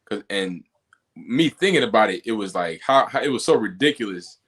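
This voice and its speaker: A man's voice: fairly low pitch, expressive, normal speed, fairly bright tone. A man co-hosting a podcast, telling stories in a loose, rambling, laid-back way. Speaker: podcast co-host. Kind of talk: casual chat.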